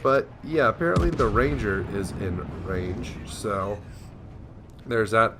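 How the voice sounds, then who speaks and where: A man's voice: lowish voice, animated, slow, music in the background. A young man giving casual, rambling commentary over a naval war game, sleepy and yawning, joking at himself. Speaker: gameplay commentator.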